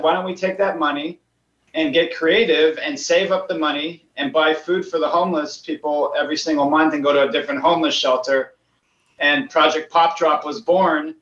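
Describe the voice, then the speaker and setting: A man guest telling a story in an earnest, slightly halting way. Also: fairly high pitch, a bit bright. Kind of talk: casual storytelling. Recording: distant echoey lo-fi call audio.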